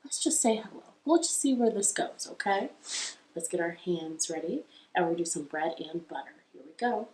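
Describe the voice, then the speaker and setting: A woman's voice: lowish voice, expressive, normal speed, darkish tone, slight background noise. A young woman with an American accent leading a children's storytime from her living room, playful and self-deprecating as she sings and strums along on a ukulele. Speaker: children's librarian. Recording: echoey home room with ukulele.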